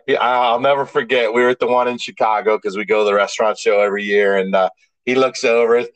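A middle-aged man telling stories in casual chat as a podcast co-host, getting animated as he goes. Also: mid-range voice, no room sound, rough recording. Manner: animated storyteller, rising excitement.

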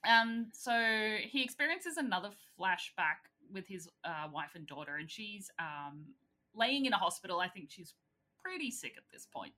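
A woman's voice: on the low side, very animated, normal speed, pushed and bright. A woman co-hosting a casual film recap, blunt and swearing freely as she retells scenes. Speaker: podcast co-host.

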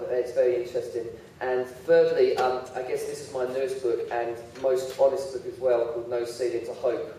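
A man's voice: mid-range voice, warm tone, slight background noise. A man giving a humorous sermon, telling self-deprecating stories about his own slip-ups. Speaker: preacher. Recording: very echoey hall, voice heard from far off.

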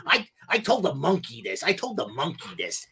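A man doing a comic impression of a cranky, loudmouthed male parrot sidekick, ranting in an exasperated squawk. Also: fairly high pitch, wildly swooping pitch, moderate pace, slightly rough, heavily acted.

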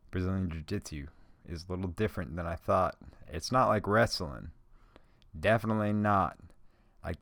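A man hosting a solo podcast who talks in a casual, rambling, profane way while high. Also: vocal fry, no echo, studio quality. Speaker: podcast host.

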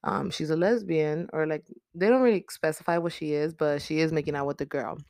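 A host recapping a horror movie in casual, profane slang, with lots of filler words and quick acted-out lines for the characters. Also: mid-range voice, darkish tone, smooth, dry recording, clean studio sound. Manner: profane, chatty, slangy storytelling.

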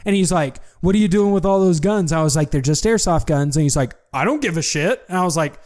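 Young guy telling a wild story to his buddy, kinda high voice, lots of likes and ums. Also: quick pace. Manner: animated storytelling with lots of fillers. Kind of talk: casual chat.

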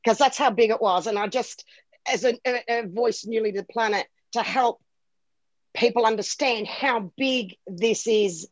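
Woman guest, higher voice, earnest and rambling; dull, dry remote-line sound. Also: normal speed, no echo. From Australia. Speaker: guest spiritual guide. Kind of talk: casual radio talk.

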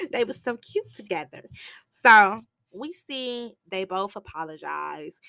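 A woman casually recapping a film plot in a slangy, blunt, animated way, acting out the characters' lines as she goes. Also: medium pitch, takes it slowly, creaky, no room sound, clean studio sound. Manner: blunt and profane. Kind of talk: casual movie recap storytelling.

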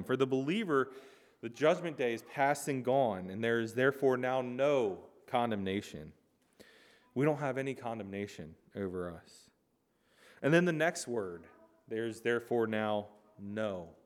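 A man preaching a sermon in an earnest, emphatic way, pressing hard on key words and then dropping to soft, low lines.

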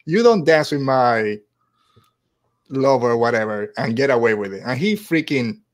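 A man's voice: mid-range voice, expressive, moderate pace. A man in casual podcast chat, recapping a TV episode and acting out the characters' lines in quotes. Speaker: podcast co-host.

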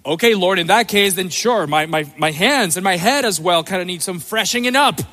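A man's voice: high voice, expressive, moderate pace, sharp tone, long reverb tail. A male pastor voicing an eager, impulsive grown male disciple in a bumbling way.

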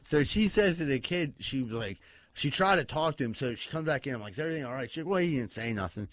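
A man telling a wild story in casual podcast chat, cursing often, laughing and talking excitedly. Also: mid-range voice, fast talker, dry recording. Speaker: podcast co-host.

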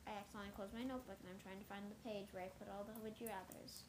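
A woman's voice: mid-range voice, fairly even intonation, very fast, echoey room, noisy background. A young woman in a casual chat, teasing and giggly.

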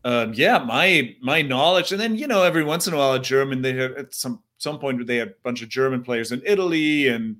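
Hesitant mid-pitched man chatting. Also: lively intonation, brisk, few pauses, fairly bright tone. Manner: hesitant, many fillers and restarts. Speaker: podcast co-host. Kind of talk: casual chat.

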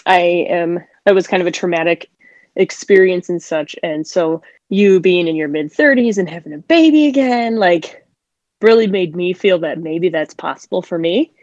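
A woman's voice: fairly low pitch, normal speed, a little mellow, dry recording. Rambling woman caller, dull lo-fi line. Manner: rambling, candid, swears. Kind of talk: casual chat. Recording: dull dry call audio.

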